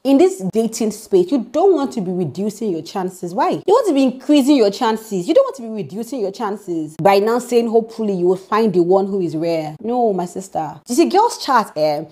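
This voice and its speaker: A woman's voice: medium pitch, sing-song, moderate pace, hardly any pauses, mellow. A young woman with a Nigerian accent, hosting a reaction commentary and giving emphatic, preachy sisterly advice. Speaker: host.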